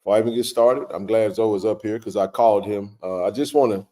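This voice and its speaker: A man hosting a casual live stream, greeting viewers by name with a relaxed, filler-heavy way of talking. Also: lowish voice, fast talker.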